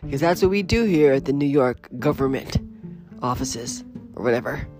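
A woman's voice: very deep voice, moderate pace, over music. A woman hosting her own podcast, talking casually and animatedly with frequent restarts, in a morning voice. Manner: animated, laughing, rambling with restarts. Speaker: podcast host. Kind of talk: casual solo commentary.

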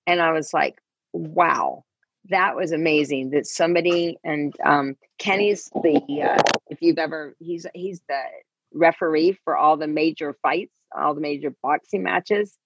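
Guest: middle-aged woman, low husky voice, lively storyteller, muffled earbud call. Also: unhurried. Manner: animated, acts out quoted voices. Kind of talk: casual interview storytelling.

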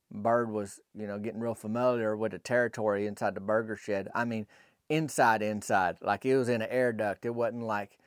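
A man's voice: lowish voice, a little mellow, dry recording, clean studio sound. A man telling a folksy comic story in a rambling, colloquial way, full of asides. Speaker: podcast storyteller.

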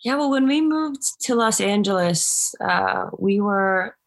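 A female musician, guesting on an interview podcast, tells her story slowly in a hesitant, reflective way. Her medium-pitched voice stays animated throughout the conversation.

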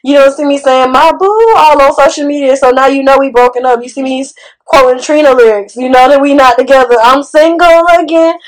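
A woman hosting a podcast, talking in a sassy, animated, conversational way. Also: high-pitched, fast talker, rough recording. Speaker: podcast host. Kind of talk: casual podcast chat.

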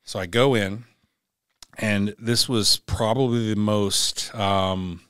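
A man's voice: on the low side, steady tone, slow pace, fairly bright tone, clear, resonant tone, dry recording, clean studio sound. A middle-aged man, a former Navy SEAL, speaking as a podcast guest. He tells a personal story candidly and bluntly, with profanity, and acts out the dialogue he quotes.

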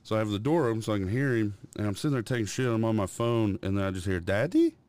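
A man's voice: on the low side, very fast, a little mellow. A young man on a podcast, casually telling profane, rambling stories about his toddler and mimicking the kid's noises. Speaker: podcast co-host.

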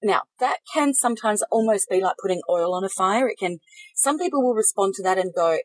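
A middle-aged woman, giving calm, measured coaching advice in a casual podcast chat. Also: medium pitch, dry recording, rough recording. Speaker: podcast co-host, life coach.

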